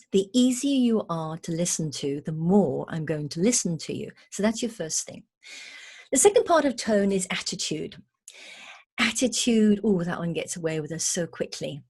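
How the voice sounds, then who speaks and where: A woman's voice: lowish voice, a little mellow, husky. A woman communication trainer giving a recorded lesson, emphatic and playful in a teacherly way.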